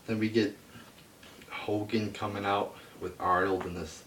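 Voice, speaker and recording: A man's voice: on the low side, little pitch movement, a little slow, a bit bright, slight background noise. A man ranting about a wrestling show in a casual, profane, exasperated way. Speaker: wrestling reviewer. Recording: echoey room, voice a bit far from the mic.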